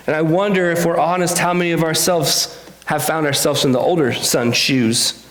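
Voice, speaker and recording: A man's voice: on the high side, fairly even intonation, moderate pace, fairly bright tone. A man preaching a sermon in a church, earnest and confessional, often stumbling over repeated words. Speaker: pastor. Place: church sanctuary. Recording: echoey hall.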